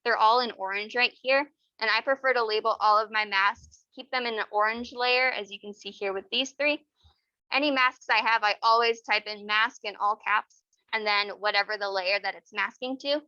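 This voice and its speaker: A young woman instructor walks a class through software steps in a casual, filler-laden way. Her voice is bright and a little high. The audio is dull and dry. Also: steady tone, normal speed, dry recording. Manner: casual, filler-heavy explaining. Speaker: workshop instructor. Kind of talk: software tutorial over screen share.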